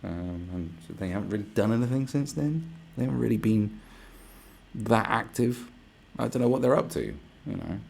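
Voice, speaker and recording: Low gravelly man ranting. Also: expressive, moderate pace, a little mellow. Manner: swearing, rambling and sarcastic, slips into mock voices. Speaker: vlogger. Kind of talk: casual rant to camera.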